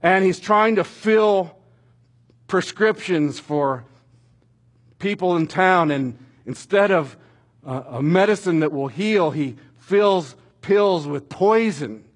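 Male pastor, middle-aged, husky voice, fairly high pitch, animated sermon storytelling. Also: slow. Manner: animated storytelling, rising to near-shouts at dramatic moments.

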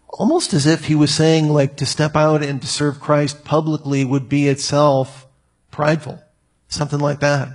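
A man's voice: on the high side, little pitch movement, normal speed. A man preaching a conversational sermon, with asides to his audience. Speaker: pastor.

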